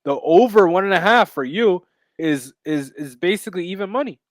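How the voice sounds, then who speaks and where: Man, podcast co-host, fairly high voice, brash, rambling, swears a lot, dry close sound. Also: expressive, fairly quick, no echo. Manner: brash, rambling, profane, with lots of fillers. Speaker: podcast co-host and MMA bettor. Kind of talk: casual betting chat.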